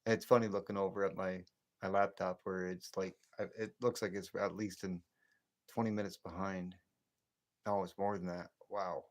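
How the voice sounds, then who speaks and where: A man in his late fifties from the northern US near the Canadian border hosts a late-night livestream, chatting casually, rambling, and chuckling to himself. His voice is deep with little pitch movement, at a moderate pace.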